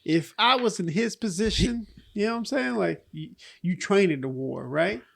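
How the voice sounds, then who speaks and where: A man with a high voice and a gravelly edge, co-hosting a loose podcast conversation. He keeps jumping in with playful interjections and laughs. His talk is relaxed and unscripted. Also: moderate pace. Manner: playful, interjects "hey" often, laughs a lot. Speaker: podcast co-host. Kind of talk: casual chat.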